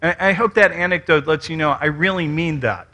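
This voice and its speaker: A man from West Virginia with Southern rhythm and Canadian-like vowels, giving an animated, joking conference talk with audience questions. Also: fairly high pitch, fairly quick. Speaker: conference speaker. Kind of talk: lecture and audience Q and A.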